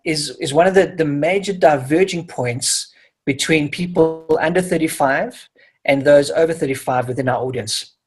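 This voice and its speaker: A middle-aged man, a professional speaker giving a webinar talk over a video call and telling lively stories to make his points. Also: on the high side, breathy edge. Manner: storytelling, lively examples.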